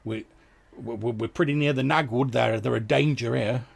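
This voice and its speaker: A man voicing a burly, friendly male fisherman who talks eagerly and stammers, higher than his own voice. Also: moderate pace, creaky, slightly rough. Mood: anxious. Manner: eager, stammering, chatty villager.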